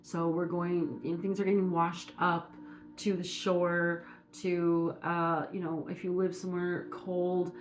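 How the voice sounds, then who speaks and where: A woman from Minnesota giving a casual spiritual message, talking in a meandering, halting way with many fillers. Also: on the low side, level tone. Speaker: spiritual reader.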